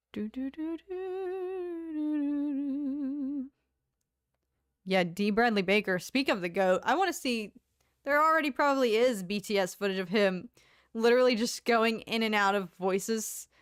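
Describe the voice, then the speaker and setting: A woman's voice: medium pitch, clean tone, no echo, clean studio sound. A young woman hosting a casual livestream, chatting in a bubbly way as she reads comments, laughing often and humming to herself between thoughts. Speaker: livestream host. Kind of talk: casual chat reading live comments.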